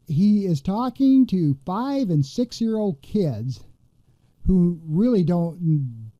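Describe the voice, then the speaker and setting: A man hosting a political podcast, rambling and indignant, with lots of fillers and false starts. His voice sits a bit high for a man. The recording is dry and slightly dull, as if from a modest home mic. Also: dry recording. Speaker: podcast host.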